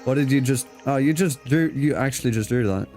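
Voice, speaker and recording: A man's voice: medium pitch, brisk, a little mellow, soft background music. A man casually chatting and joking with a friend while streaming a game. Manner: joking, laughs a lot, swears. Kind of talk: casual let's-play chat.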